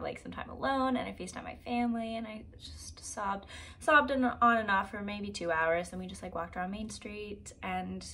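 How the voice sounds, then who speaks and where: A woman's voice: medium pitch, slight background noise. Chatty young woman vlogger, lots of "like". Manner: chatty, animated, heavy use of "like". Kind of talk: casual storytelling to camera.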